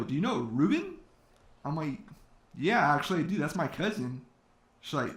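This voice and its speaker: A man telling a personal story to an audience, acting out quoted talk in his own voice, with fillers. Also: on the high side. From California. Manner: quoting others in his own voice, with many fillers. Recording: echoey hall.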